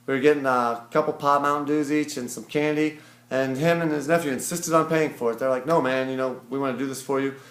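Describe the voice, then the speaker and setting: A man from Ohio recaps a long trip in a loose, rambling vlog monologue, stopping often for fillers and quoting others along the way. His voice sits in a middle pitch. The room gives it a noticeable echo. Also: steady tone, quick pace, fairly bright tone. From Ohio, USA. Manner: rambling, filler-heavy, quotes people as he tells it. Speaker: vlogger. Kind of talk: casual storytelling recap.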